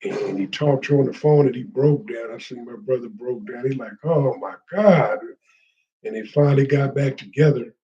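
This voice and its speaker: A man's voice: mid-range voice, a little fast, hardly any pauses, dark tone, lo-fi sound. A man telling a heartfelt personal story in a rambling, casual way, with street slang.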